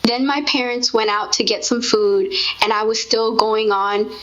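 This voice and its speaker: Higher-voiced woman, animated storyteller, lo-fi sound. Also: measured pace. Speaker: co-host recounting a shared memory. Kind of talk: casual conversation with her partner.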